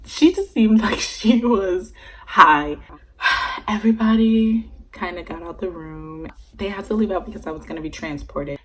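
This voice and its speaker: A young woman telling a story-time vlog in a casual, animated way, swearing freely as she goes. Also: medium pitch, unhurried, slight background noise, rough recording. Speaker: vlogger.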